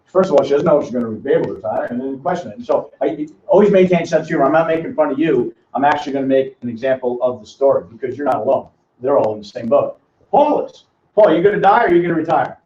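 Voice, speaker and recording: A man's voice: mid-range voice, animated, fast, darkish tone. An older man teaching a live money seminar, quizzing audience members by name with a teasing manner. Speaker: financial educator. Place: seminar room with small audience. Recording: roomy, distant, dull lo-fi sound.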